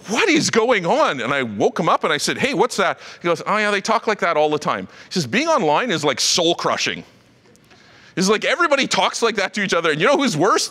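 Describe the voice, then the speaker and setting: Animated male pastor in a reverberant hall. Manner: animated preaching with shifting pitch and conversational asides. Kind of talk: sermon. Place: church auditorium.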